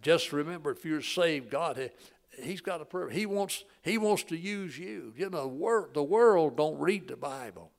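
Elderly preacher, folksy and fervent. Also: male voice, a little high, expressive, moderate pace, vocal fry. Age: 80s. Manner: folksy storytelling with emotional swells and hushed drops. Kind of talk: sermon.

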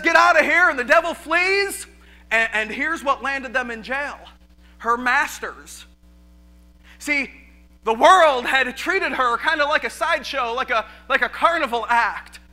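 Male pastor, animated sermon, very high pitch, stammering repeats, church. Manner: animated, repeats words, laughs often.

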